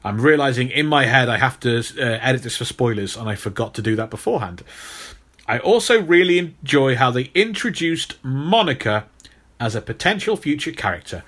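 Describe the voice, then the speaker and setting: A British man in casual podcast chat, speaking at a middling pitch. He runs his lines with playful, mock-stern energy and animated swings. He talks into a podcast microphone. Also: a little fast. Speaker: podcast co-host.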